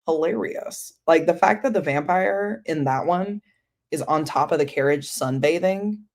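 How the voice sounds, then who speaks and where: Low-voiced chatty woman streamer. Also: normal speed. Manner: chatty, rambling, answers viewer comments; many fillers like "um" and "like". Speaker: book streamer. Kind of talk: casual livestream chat.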